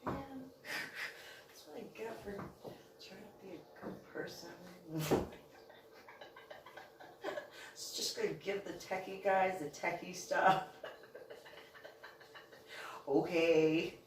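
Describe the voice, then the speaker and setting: A woman's voice: lowish voice, extremely slow, long pauses. A woman telling long personal stories in a rambling, casual way, laughing often and acting out the people she quotes. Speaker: channel host. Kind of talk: casual storytelling monologue. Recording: roomy echo, distant from mic, faint background noise.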